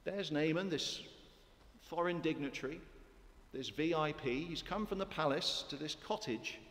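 A man's voice: on the high side, normal speed, fairly bright tone, long reverb tail. A man preaching a sermon in a church, emphatic and full of rhetorical questions to his congregation.

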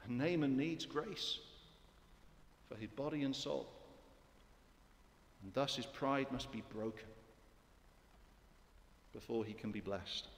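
A man's voice: medium pitch, slow, long pauses, long reverb tail. A man preaching a sermon in a church, emphatic and full of rhetorical questions to his congregation.

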